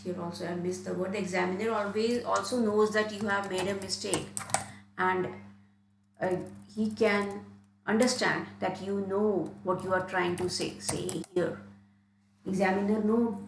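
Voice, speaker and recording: A woman's voice: mid-range voice, fairly even intonation, unhurried, vocal fry, reverberant, slight background noise, poor audio. A woman from India, an IELTS trainer, giving an online lesson and often restarting and repeating phrases as she explains.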